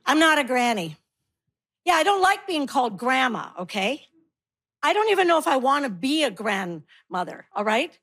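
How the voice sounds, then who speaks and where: A woman in her sixties performing stand-up comedy with a wry, punchy delivery and quick asides. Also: high-pitched, big pitch swings, fairly bright tone. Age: 60s.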